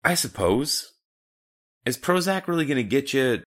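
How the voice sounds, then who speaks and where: A man's voice: medium pitch, big pitch swings, normal speed, a bit bright. A man from Canada co-hosting a podcast, joking and tossing in sardonic asides in casual chat. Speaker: podcast co-host.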